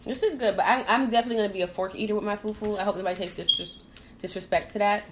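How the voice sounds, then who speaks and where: A woman's voice: mid-range voice, fairly even intonation, racing, noisy background. A woman who grew up in Trinidad, hosting a casual podcast while eating and chatting, laughing easily and talking with her mouth full. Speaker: podcast host.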